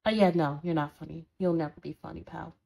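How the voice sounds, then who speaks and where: A woman's voice: fairly high pitch, big pitch swings, slow, a little mellow, exaggerated voice. A woman voicing a sarcastic, scolding horned demon in an audio role-play for a listener. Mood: mocking sarcasm. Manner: sarcastic, scolding, dramatic swings.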